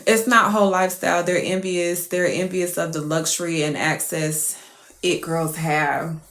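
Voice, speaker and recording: A woman's voice: lowish voice, normal speed, echoey room. A young woman, telling a profane, exasperated storytime rant to her followers. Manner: profane, animated, exasperated, laughing. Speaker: TikTok creator.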